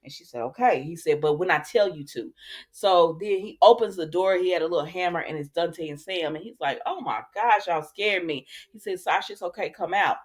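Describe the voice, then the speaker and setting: A woman's voice: lowish voice, brisk, breathy edge. A woman hosting a casual recap, chatty, retelling scenes and quoting the characters. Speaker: soap opera recap host.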